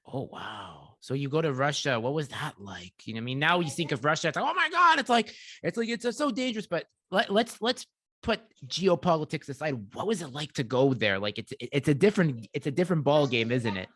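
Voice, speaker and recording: A man's voice: medium pitch, lively intonation, a little fast, a bit bright, no room sound, studio quality. A man hosting a podcast, asking questions in a chatty, casual way with many fillers. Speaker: podcast host.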